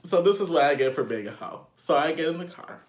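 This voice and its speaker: A young man telling a casual storytime on his vlog, animated and profane, laughing as he goes. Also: a little high, fast talker. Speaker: vlogger. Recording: echoey room.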